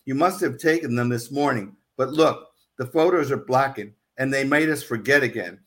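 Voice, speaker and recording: A frightened young wife, distraught and pleading, read aloud by a man telling the story in his own voice. The pitch sits in an ordinary middle range. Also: normal speed, a bit bright, natural voice. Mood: frantic.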